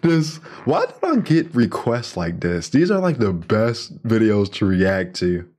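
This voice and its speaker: A man hosting a reaction video, talking casually in an excitable way with frequent laughs. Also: lowish voice, a little slow.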